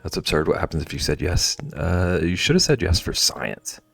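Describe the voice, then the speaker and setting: A man's voice: low-pitched, big pitch swings, normal speed, vocal fry, husky. A man streaming casually while drawing, rambling and chatty, often trailing off into mumbles. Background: faint background music.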